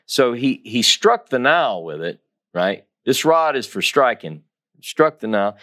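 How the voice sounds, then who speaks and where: A man's voice: mid-range voice, very animated, a little slow, a bit bright. A man giving a Torah teaching, reading scripture dramatically and stressing key phrases by repeating them. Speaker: Bible teacher.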